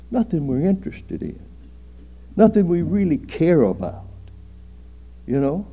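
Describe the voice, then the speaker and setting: Slow gravelly-voiced male preacher. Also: medium pitch. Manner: slow, earnest preaching with drawn-out phrases and emphatic rises. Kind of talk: sermon. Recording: dull lo-fi sermon recording.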